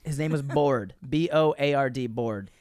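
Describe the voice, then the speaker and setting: Smooth-voiced man telling a story. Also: mid-range voice, moderate pace, no echo. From Florida. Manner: animated storyteller, laughs while telling, acts out quotes. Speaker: podcast guest, comedian. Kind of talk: casual storytelling chat.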